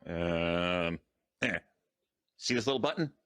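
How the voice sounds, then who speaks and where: A man's voice: deep voice, lively intonation, slow, fairly bright tone, clear, resonant tone. A man playing a tabletop game, talking in a practical way and explaining rules. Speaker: player. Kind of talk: casual tabletop game chat.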